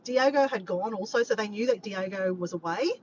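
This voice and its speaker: A woman's voice: medium pitch, fairly quick, a little mellow. Chatty, rambling woman vlogging. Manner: rambling, chatty, swears freely. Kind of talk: casual vlog chat. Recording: dull lo-fi sound with faint background noise.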